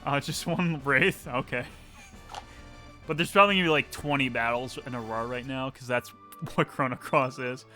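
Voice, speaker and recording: A man hosting a casual game stream, talking in an excitable, playful way. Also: mid-range voice, normal speed, soft background music. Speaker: stream host.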